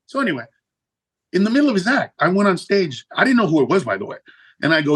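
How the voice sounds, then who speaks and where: A guest comedian tells a profane story in a casual interview, speaking fast in a husky voice and jumping up in pitch for punchlines. He's animated, and the recording is rough.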